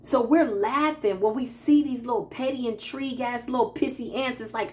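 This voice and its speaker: Animated woman spiritual talker. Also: on the high side, normal speed, few pauses. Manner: animated, laughing, quotes herself in playful asides. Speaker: spiritual practitioner and channeler. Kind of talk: casual spiritual talk to viewers.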